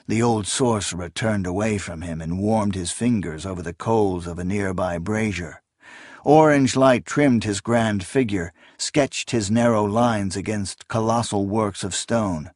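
A man reading an audiobook in steady, unhurried scripted narration. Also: fairly low pitch, no echo, clean studio sound.

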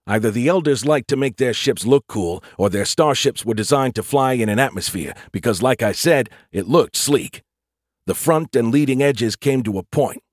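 A man reading a sci-fi audiobook in a measured, wry first-person narration. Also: mid-range voice, dry recording, clean studio sound.

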